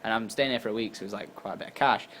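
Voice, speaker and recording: A tired young man from England telling a story casually to camera, acting out his own lines with sudden jumps in pitch and loudness. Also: very fast, a little hiss or hum. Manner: animated, acts out quotes with jumps in pitch and volume. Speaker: YouTuber.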